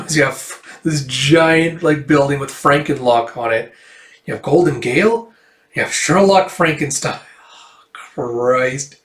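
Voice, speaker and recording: A man's voice: medium pitch, fairly even intonation, unhurried, fairly bright tone, echoey room. A man casually retelling a comic book, rambling loosely and packed with fillers. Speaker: comic book reader and reviewer. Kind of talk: casual comic read-through.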